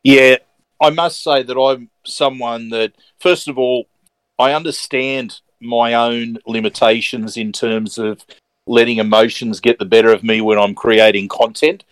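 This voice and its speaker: A man's voice: medium pitch, fairly even intonation, measured pace, a bit bright, clear, resonant tone, no room sound, poor audio. A man co-hosting a casual sports podcast, blunt and chatty with many hesitations. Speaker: podcast co-host.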